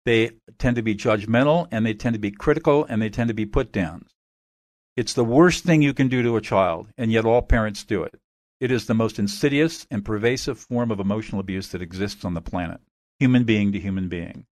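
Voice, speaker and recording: A man being interviewed as an expert guest, calmly explaining methods in a measured, instructive way. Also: on the low side, no room sound, studio quality.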